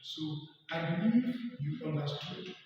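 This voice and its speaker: Slow, emphatic high-voiced male teacher. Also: wildly swooping pitch, darkish tone, highs cut off. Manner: emphatic and drawn-out, asks the class rhetorical questions. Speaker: English teacher. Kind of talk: online lesson. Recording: echoey room, mic at a distance, faint music.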